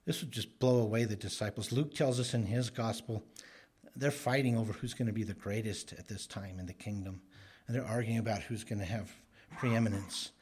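A man's voice: on the low side, steady tone, a little fast, darkish tone, slightly rough. A man preaching an expository sermon, speaking emphatically and briefly acting out the characters he quotes.

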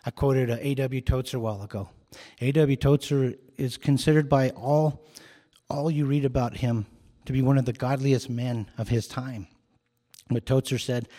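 A man's voice: medium pitch, mellow, big-room sound. A man preaching a sermon as a pastor, earnest and emphatic, repeating key phrases for emphasis.

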